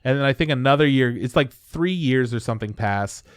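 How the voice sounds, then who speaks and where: A man's voice: medium pitch, expressive, clear, resonant tone, no room sound, studio quality. A young man hosting a podcast, casually retelling an anime plot, swearing freely and briefly acting out the characters. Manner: loose, swearing, acts out characters in quick voices. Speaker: podcast host. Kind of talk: casual chat recapping an anime.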